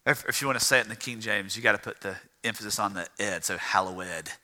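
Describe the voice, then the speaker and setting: A man preaching a sermon as a pastor, impassioned, swinging from loud emphatic lines to hushed ones. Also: fairly low pitch, quick pace. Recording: long reverb of a large hall.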